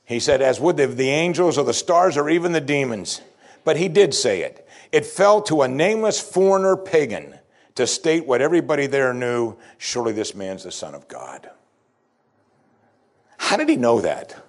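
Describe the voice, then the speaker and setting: A male pastor delivering a sermon in a lively, expressive voice whose pitch rises and falls widely. He acts out the people he quotes and drops to a hush for dramatic moments. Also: normal speed. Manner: animated preaching, voicing quoted speakers, swings from loud to hushed.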